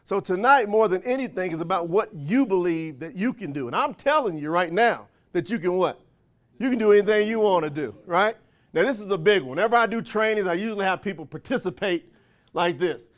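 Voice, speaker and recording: A man's voice: high voice, expressive, a little fast. A man giving a live motivational speech at a sales training, full of rhetorical questions and folksy call-and-response. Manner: folksy, countrified phrasing. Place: event room.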